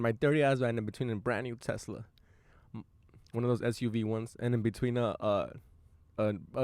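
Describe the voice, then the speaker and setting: A man's voice: mid-range voice, dry recording. Profane, self-amused young man in a van. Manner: loose, profane and self-amused, quick bursts of excitement. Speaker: podcast host. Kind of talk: casual storytelling monologue. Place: inside his parked van.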